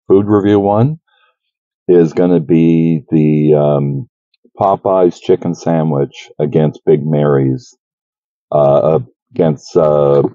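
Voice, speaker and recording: Very deep-voiced man reviewing a burger. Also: no echo, phone-quality sound. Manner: chatty, enthusiastic, addresses viewers as folks. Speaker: food reviewer. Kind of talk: casual food review vlog.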